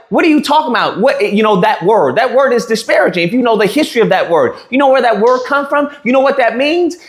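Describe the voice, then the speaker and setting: A man with a high, lively voice tells a story in a casual rant, swinging all over his range as he acts out each quoted line. He stumbles and restarts often. The sound bounces around an echoey room. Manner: animated, acts out quoted lines, frequent restarts. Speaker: streamer telling a story.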